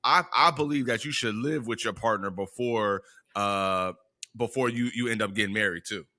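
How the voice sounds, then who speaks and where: A man co-hosting a podcast in casual chat, animated and playfully arguing back. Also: lowish voice, moderate pace. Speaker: podcast co-host.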